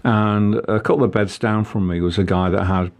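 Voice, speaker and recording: A man's voice: fairly low pitch, fairly even intonation. A man telling a personal story in casual conversation, with frequent halts and restarts. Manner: halting, many restarts. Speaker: guest.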